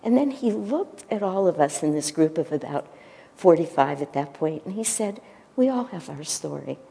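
A woman giving a gentle devotional talk and retelling a story, pausing at times to search for her words. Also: on the low side, lively intonation, in a large hall. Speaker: spiritual teacher.

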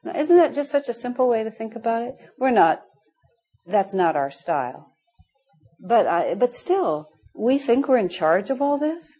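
A woman's voice: on the high side, big pitch swings, normal speed, slightly rough, poor audio. A middle-aged woman teaching a spiritual class, telling stories with frequent laughter. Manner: warm storytelling, laughing often. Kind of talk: spiritual class talk with anecdotes.

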